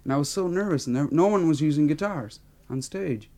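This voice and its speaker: Gravelly, mellow-voiced man reminiscing. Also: a little high, lively intonation, brisk. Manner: candid, self-mocking storytelling. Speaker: interviewed singer. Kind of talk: archive interview reminiscence.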